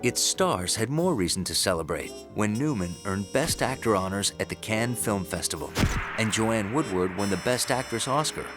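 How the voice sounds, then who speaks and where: Low-voiced man narrating over music. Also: lively intonation. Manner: measured storytelling. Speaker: documentary narrator. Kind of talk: scripted narration.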